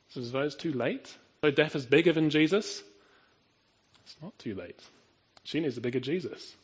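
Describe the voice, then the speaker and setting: A man's voice: medium pitch, husky, muffled recording. A man preaching a sermon in an earnest, emphatic way, often asking his listeners rhetorical questions.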